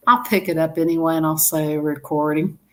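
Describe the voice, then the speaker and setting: A woman's voice: deep voice, steady tone, moderate pace. A woman chatting casually to her live-stream viewers, rambling and laughing often.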